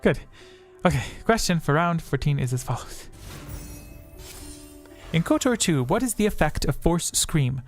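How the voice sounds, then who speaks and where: A man's voice: on the high side, very animated, measured pace, long pauses, faint music behind. Man rambling through a livestream quiz. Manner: rambling, self-correcting, reads chat answers aloud. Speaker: streamer hosting a quiz. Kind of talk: casual livestream quiz chat. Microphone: desk microphone.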